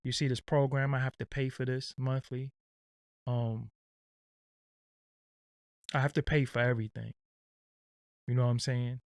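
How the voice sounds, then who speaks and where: A man's voice: mid-range voice, level tone, measured pace, long pauses, no echo, studio quality. A man hosting his own livestream, ranting bluntly and casually with profanity and lots of fillers. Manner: blunt, profane, streetwise, rambling. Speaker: channel host.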